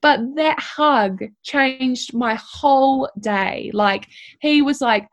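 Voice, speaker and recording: A woman's voice: a little high, unhurried. A young woman, an apprentice telling a candid, emotional personal story full of "like" and "you know.". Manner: candid and heartfelt, with lots of fillers like "like" and "you know". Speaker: apprentice tradesperson, guest.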